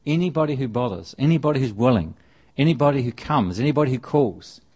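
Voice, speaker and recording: A man giving a sermon in a relaxed, chatty way. His pitch sits in an ordinary middle range, and he often repeats words and restarts his sentences as he works through a passage. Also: fast, husky. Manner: conversational, with frequent restarts and repetition. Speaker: preacher.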